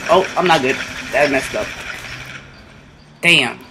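A man giving casual commentary over his own online shooter match, excitable and swearing constantly, yelping when something sudden happens. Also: mid-range voice, takes it slowly, noisy background. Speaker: gamer doing live commentary.

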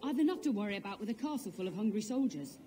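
An actress playing a harried, sharp-tongued castle cook in video game dialogue. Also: female voice, mid-range voice, expressive, racing, a little hiss or hum, close to an everyday voice. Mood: scolding. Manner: sharp-tongued, bossy, exasperated.

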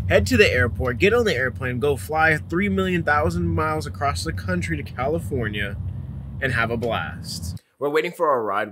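A man's voice: medium pitch, a bit bright. A young man talking in a casual, joking, slangy way as a travel vlogger.

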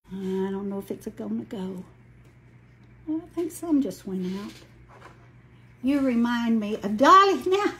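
A woman's voice: on the high side, slight background noise. Chatty Southern woman in her sixties. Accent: Southern US, Alabama. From Alabama, US. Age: 60s. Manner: folksy, chatty, greets viewers by name. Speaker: craft livestream host. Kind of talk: casual livestream chat while crafting.

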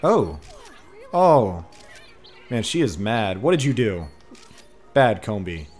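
Excitable low-voiced man talking to his game. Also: a little slow. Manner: excitable, talks to the creatures on screen. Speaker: gaming streamer. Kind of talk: casual let's-play commentary. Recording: faint game music behind. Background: faint game music.

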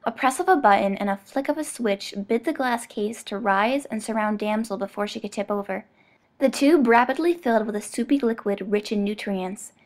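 Pitched fairly high, a woman's voice carries a scripted audiobook reading. Her delivery is calm, even and measured, like a practiced storyteller.

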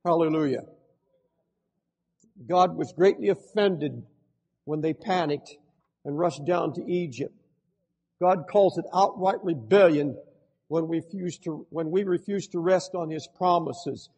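An older man preaching a sermon as pastor, swinging between loud impassioned outbursts and hushed pleading. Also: on the high side, unhurried, long pauses, slightly rough, long reverb tail.

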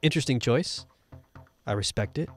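Excitable man commenting on gameplay. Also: mid-range voice, moderate pace, soft background music. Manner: excitable, jokey, exclamatory. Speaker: video game host.

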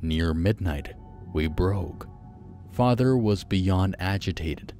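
A man narrating a first-person horror story, slow, hushed and suspenseful. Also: sits low, soft background music.

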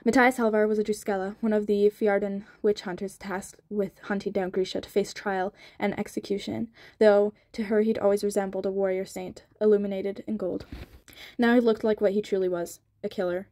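A woman reads a novel chapter aloud at a quick clip in a storybook reading. Her voice stays flat and level, at a middle pitch. The recording is close and dry, with no room sound. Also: dry recording. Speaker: audiobook reader.

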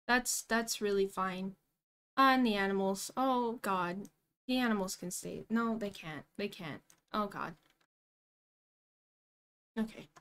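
A young woman streaming a game live, excitable and giggly, talking to herself as she plays. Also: medium pitch, slow, pauses often, smooth.

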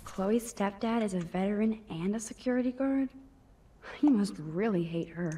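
A woman voicing a thoughtful teenage girl in a video game, talking in a dry, quietly sarcastic inner monologue. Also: medium pitch, moderate pace, a little hiss or hum, close to an everyday voice. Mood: wry.

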